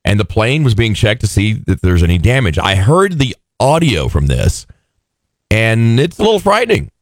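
A man's voice: on the low side, very animated, moderate pace, no echo, studio quality. A man hosting a radio show, chatting casually and joking around. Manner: jokey, drops into mock pilot voices. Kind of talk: casual morning show banter.

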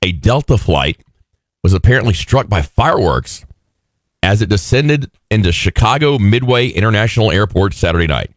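A man's voice: fairly low pitch, lively intonation, normal speed, dry recording, studio quality. A man hosting a radio show, chatting casually and joking around. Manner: jokey, drops into mock pilot voices. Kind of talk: casual morning show banter.

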